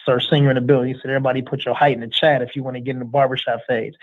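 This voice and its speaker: Guy hosting a live stream, laid back slangy shout-outs, sounds like a phone line. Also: mid-range voice, racing. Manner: relaxed, streetwise slang. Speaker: livestream host. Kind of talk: casual chat, reading out viewer shout-outs.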